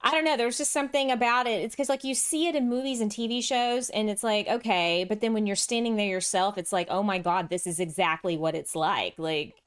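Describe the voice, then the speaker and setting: A woman's voice: a little high, fairly quick, hardly any pauses, smooth. A woman with a Texan accent hosting a casual game livestream, chatting with viewers and laughing often. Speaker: livestream host. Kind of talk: casual livestream chat while playing.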